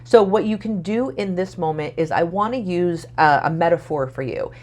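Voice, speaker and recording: A woman relationship coach giving calm, earnest advice straight to camera. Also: fairly low pitch, normal speed. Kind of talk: direct-to-camera coaching talk.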